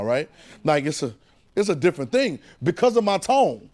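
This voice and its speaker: A man preaching a sermon in call-and-response style, repeating phrases and swinging between loud and hushed delivery. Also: a little high, very animated, normal speed.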